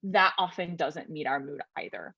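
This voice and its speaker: Young woman, low-pitched, workshop presenter, thoughtful and gentle, dry video-call sound. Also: sing-song, moderate pace, vocal fry, breathy edge, no echo, muffled recording. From Virginia, USA. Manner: thoughtful, gentle, frequent tag questions. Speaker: vocal wellness presenter. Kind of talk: conference webinar talk.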